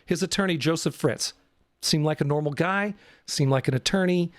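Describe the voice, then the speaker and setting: A man with a notably high speaking voice rants as a podcast host, loose and animated, tripping over restarts as he jumps between asides. The sound is dry and close, with no room around it. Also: normal speed, no echo. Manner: animated, rambling, frequent restarts. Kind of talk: casual comedic rant.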